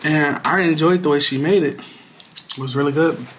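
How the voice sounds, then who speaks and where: Man, casual home vlog, playful slang-filled chat, a bit high-pitched. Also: normal speed, noisy background. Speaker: vlogger. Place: home, at his computer and kitchen.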